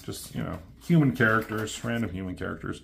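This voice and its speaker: A man's voice: on the low side, a little fast, creaky, a bit bright. A man casually recapping a comic book, profane and offhand, with a mocking edge as he quotes the characters.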